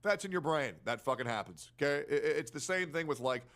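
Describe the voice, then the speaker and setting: A man's voice: a little high, animated, brisk, a bit bright. A man in a played clip, rambling through an argument and often asking "right?". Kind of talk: casual podcast argument.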